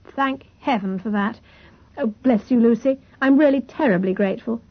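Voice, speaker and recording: Breezy teasing young sister, high and lively, read by a woman, dull lo-fi audiobook sound. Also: normal speed. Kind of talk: audiobook character voice.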